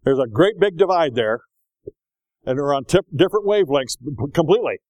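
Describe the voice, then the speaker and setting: An older man preaching a sermon in a folksy, animated storytelling way, slipping into voices as he tells stories. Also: a little high, a little fast, no room sound, rough recording.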